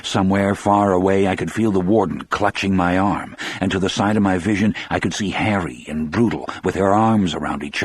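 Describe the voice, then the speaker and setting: A man narrating an audiobook in a measured, grave storytelling manner. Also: sits low, slightly rough. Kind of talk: scripted narration.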